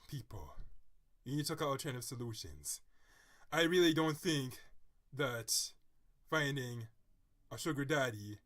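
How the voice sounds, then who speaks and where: A man's voice: medium pitch, pushed and bright. A man vlogging, reading an article aloud and adding earnest, theatrical commentary. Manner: dramatic, theatrical asides; earnest, moralizing tone.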